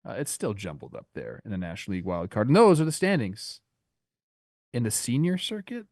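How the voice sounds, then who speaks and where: A man co-hosting a baseball podcast, reading the league standings in a steady, matter-of-fact way. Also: fairly low pitch, brisk, dry recording, clean studio sound. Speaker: podcast co-host.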